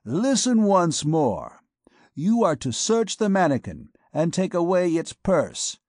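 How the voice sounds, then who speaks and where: A man's voice: sits high, very animated, slow pace, a little mellow, no echo, studio quality, voice pushed up, heavily acted. A man reading an audiobook, voicing a commanding male vagabond king who makes stern, repeated threats. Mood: threatening.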